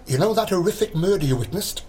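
A man's voice: high voice, lively intonation, fast, darkish tone, slight background noise. A man with a Welsh accent playing a chatty, tactless police officer in a radio comedy drama, breezy in manner. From Wales.

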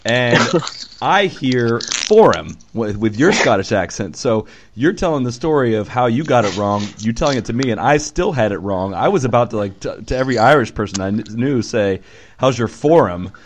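A man hosting a casual golf podcast, upbeat and quick to laugh, with lively asides. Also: mid-range voice, a little hiss or hum. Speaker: podcast host.

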